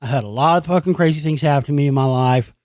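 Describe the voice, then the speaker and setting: A man hosting his own channel, delivering a profane, sarcastic ranting monologue and animated storytelling. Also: a little high, fast talker, dry recording, clean studio sound. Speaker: channel host.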